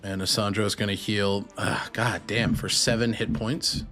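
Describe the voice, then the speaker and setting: A man running a tabletop game as game master, narrating rules and moves in an unhurried, casual way. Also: on the low side, flat delivery, a bit bright, faint music behind.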